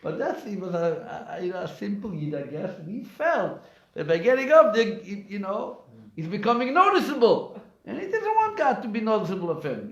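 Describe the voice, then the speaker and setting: A rabbi with a high, very animated, fairly bright voice gives his weekly Torah class live in a community center, speaking at normal speed. He tells stories and asks emphatic rhetorical questions, heard in an echoey room with dull lo-fi sound.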